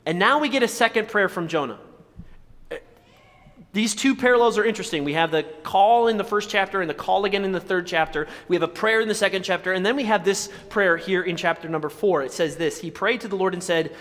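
A male pastor preaching a sermon, animated, jumping from loud exclamations to hushed, near-whispered lines. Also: high-pitched, brisk, long reverb tail.

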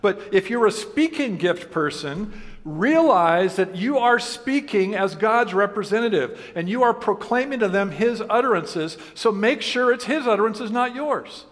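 In a hall with long reverb, a pastor delivers a sermon conversationally, using rhetorical questions and humor. His high voice is animated and fairly bright, and his pace is a little slow.

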